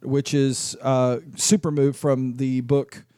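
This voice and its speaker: A man's voice: medium pitch, little pitch movement, takes it slowly, warm tone, smooth, no room sound. A man who runs a mortgage business, speaking as a guest on a radio talk show in a casual, plainspoken way and laughing easily, on a studio microphone.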